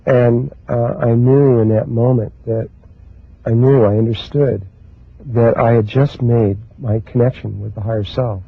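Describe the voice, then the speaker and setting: A man giving a spiritual talk in a slow, halting way, pausing often and restarting his sentences. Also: mid-range voice, fairly even intonation, no echo. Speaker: spiritual teacher. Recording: husky, dry, phone-like lo-fi recording.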